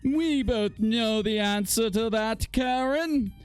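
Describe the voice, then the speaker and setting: A man putting on a smug, self-satisfied woman flat earther in a sneering falsetto. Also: slow, clean tone, no room sound, soft background music. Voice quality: mocking falsetto.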